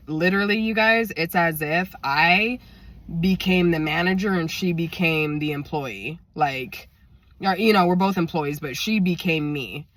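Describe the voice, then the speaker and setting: A woman's voice: low voice, unhurried, fairly bright tone, no room sound. A woman in her thirties tells a story to her viewers, indignant and emphatic, often speaking straight to them. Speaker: vlogger.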